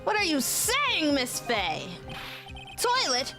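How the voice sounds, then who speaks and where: A giddy, lovestruck young man, played by a woman, doting and high-voiced, a game character with music playing behind him. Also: huge pitch swings, slow, full character voice.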